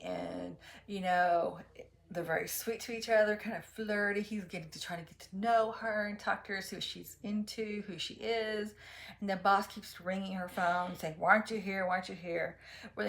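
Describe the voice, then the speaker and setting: A woman hosting her own show, chatting excitedly through a romance book review and acting out the characters' lines. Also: mid-range voice. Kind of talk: casual book review monologue.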